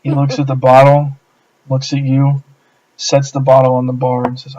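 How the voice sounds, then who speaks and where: A man narrating as game master in a relaxed way, with many fillers. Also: mid-range voice, moderate pace, muffled recording.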